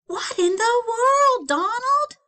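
A woman voicing an exasperated middle-aged wife, high and shrill, in a storybook read-aloud. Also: huge pitch swings, takes it slowly, vocal fry, sharp tone, heavily acted.

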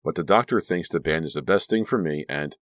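A man's voice: a bass voice, brisk, a bit bright, no echo, studio quality. A man voicing Danielle, a frantic teenage girl. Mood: defiant. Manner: frightened, then snarling and frantic. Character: anxious teenage girl turning savage.

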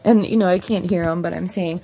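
Woman ranting a storytime from home, low gravelly voice, swears a lot. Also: brisk. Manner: blunt, profane, animated retelling. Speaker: vlogger. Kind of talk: casual storytime.

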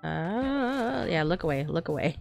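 A woman hosting a gaming channel, chatting casually and excitably through gameplay, often squealing and laughing. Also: on the low side, measured pace, creaky, soft background music.

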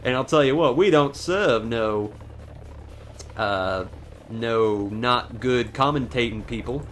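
A man voicing a boastful Southern gentleman with a put-on American Southern drawl and folksy bragging. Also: medium pitch, takes it slowly, a little hiss or hum.

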